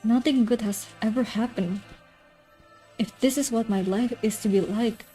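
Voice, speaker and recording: A woman's voice: fairly high pitch, normal speed, mellow, faint music behind, natural voice. A woman voicing a despairing, suffering young man in a visual novel.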